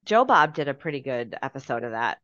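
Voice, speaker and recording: A woman guest co-host on a casual movie-commentary podcast, agreeable, with quick laughs and short replies. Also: extremely low pitch, big pitch swings, a bit bright, dry recording. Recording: dull dry lo-fi mic.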